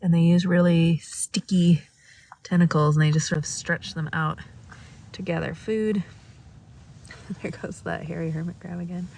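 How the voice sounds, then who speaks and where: A woman giving live-streamed commentary on a night beach walk, bubbly and excitable as she points out sea creatures outdoors. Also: fairly low pitch, measured pace, creaky, pauses often, slight background noise. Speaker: naturalist guide on a live stream.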